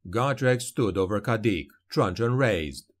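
A man narrating a fantasy audiobook in a dramatic, measured storytelling manner. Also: lowish voice, animated.

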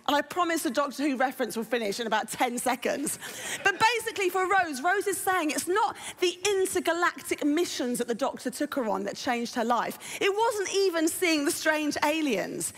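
A woman preaches a sermon to her congregation, conversational and relaxed, continually posing questions to them. Her fairly high voice swings widely in pitch, sounds a bit bright, and moves at a moderate pace, echoing with long reverb through a large church auditorium.

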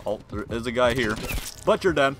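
A young man commentating his own gameplay in a casual, slangy way, muttering to himself and then yelling at the game. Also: medium pitch, expressive, moderate pace. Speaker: gaming video creator. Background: game music and gunfire.

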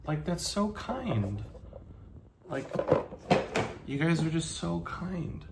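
A man in his thirties talking casually to the camera, halting with many pauses, earnest and grateful. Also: medium pitch, noisy background. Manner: halting, soft-spoken, many ums and pauses. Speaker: vlogger and teacher.

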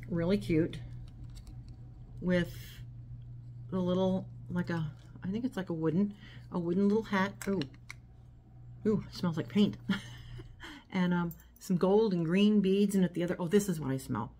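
On a phone recording with slight background noise and packaging crinkling, a woman with a lowish, slightly mellow voice chats casually. She's a vlogger unboxing a haul of small items at home, rambling as she handles them.

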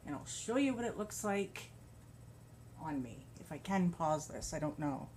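Casting note: woman crochet vlogger, unhurried, chatty and gushing, faint room hum behind. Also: low-pitched, animated, darkish tone. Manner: chatty, gushing, laughs often. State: a bit out of breath. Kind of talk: casual show-and-tell chat.

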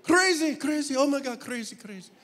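A pastor doing a shouting Jerusalem cabbie. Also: male voice, very high voice, animated, in a large hall, voice pushed up. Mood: exclaiming. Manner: shouting, drawn-out exclamations. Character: excitable Jerusalem taxi driver, man.

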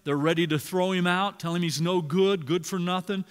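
High-pitched male pastor preaching, big hall reverb, gets loud then drops real quiet. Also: moderate pace, few pauses, clean tone. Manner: animated preaching, swinging from loud to hushed. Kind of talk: sermon. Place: church sanctuary. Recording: long reverb in a large hall.

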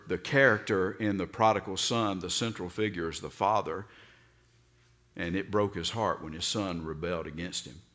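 An older man with a Southern US accent, a pastor preaching a sermon and telling stories, sometimes acting out voices with sudden loud outbursts. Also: sits low.

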